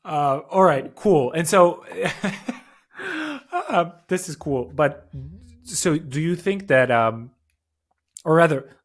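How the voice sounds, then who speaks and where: Male podcast host, relaxed and inquisitive, casual delivery. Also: a little high, takes it slowly. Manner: curious, laid-back questioning.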